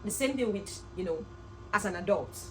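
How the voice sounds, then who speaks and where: A young woman in her twenties, a vlogger telling a personal story to camera in an earnest, animated way. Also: medium pitch, normal speed, soft background music, low-quality recording. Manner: earnest, animated, with laughs and reenacted quotes.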